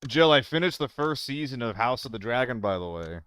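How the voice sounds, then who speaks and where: A man's voice: medium pitch, lively intonation, brisk, fairly bright tone, clear, resonant tone, dry recording. A young man live-streaming a shooter game, chatting loosely with viewers, swearing and getting flustered in fights. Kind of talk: casual live-stream chat while gaming.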